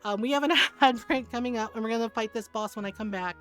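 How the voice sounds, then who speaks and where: Woman, 40s, game streamer, casual live chat, blunt and heated, swears a lot, laughs often, quiet music behind. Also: on the high side, quick pace.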